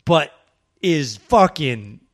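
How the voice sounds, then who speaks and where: A man's voice: fairly high pitch, very animated, drawn-out words, no echo, clean studio sound. A man chatting casually as a podcast guest, joking and riffing on movie trivia.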